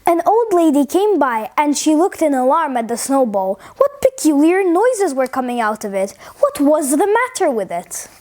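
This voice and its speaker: A woman reading a funny children's story aloud in an expressive, playful way. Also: sits high, normal speed, hardly any pauses.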